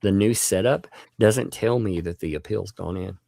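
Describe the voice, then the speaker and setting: Deep gravelly man. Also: warm tone, no echo, studio quality. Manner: laughing often, drawn-out thank-yous. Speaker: livestream host. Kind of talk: casual livestream chat, thanking viewers.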